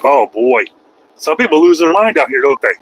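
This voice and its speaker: A man's voice: on the high side, big pitch swings, moderate pace, rough recording. A middle-aged man, a truck driver, chatting casually and rambling with a folksy manner while driving his truck, swearing now and then. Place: truck cab on the road.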